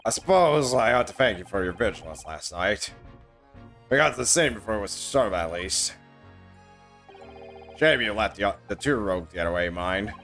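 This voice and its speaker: Man doing a gruff grudging police inspector. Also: on the low side, lively intonation, normal speed, pauses often, fairly bright tone, soft background music, pitched below the performer's own voice.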